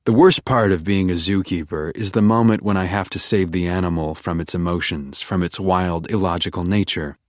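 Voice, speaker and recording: Deep-voiced man narrating a thriller. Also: steady tone, moderate pace, hardly any pauses, no echo, clean studio sound. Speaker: audiobook narrator. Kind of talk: first-person thriller audiobook narration.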